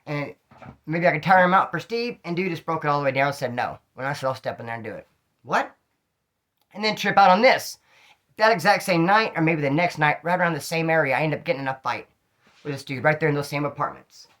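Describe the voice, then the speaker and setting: A man telling stories from his own street life in casual slang, animated and acting out the dialogue. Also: a little high, fast. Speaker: storyteller recounting street life. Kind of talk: casual storytelling monologue.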